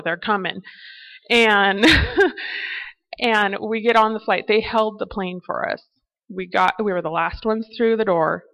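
A woman sharing a personal testimony, telling an animated travel story that turns into a reflection on faith. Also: on the low side, vocal fry, highs cut off.

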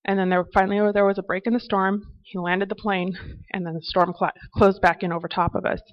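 A woman gives a personal testimony, starting with an animated travel story that turns into a reflection on faith. She speaks a little fast in a medium pitch, and the recording's highs are cut off.

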